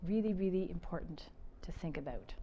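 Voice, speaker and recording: Woman, middle-aged, motivational speaker, animated storytelling, loud-to-soft swings. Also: lowish voice, brisk, highs cut off. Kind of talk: motivational talk.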